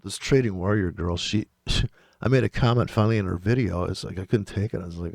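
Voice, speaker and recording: A trading channel host picks apart other traders' videos in an exasperated, rapid-fire rant full of swearing. His voice is fairly low, creaky and a little mellow, captured in studio quality with no echo.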